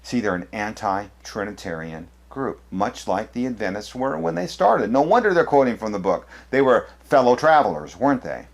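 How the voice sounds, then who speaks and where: A man's voice: on the low side, sing-song, normal speed, gravelly, few pauses. A man presenting an apologetics lesson to camera, speaking emphatically with many fillers and restarts as he points through books. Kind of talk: lecture showing books to camera.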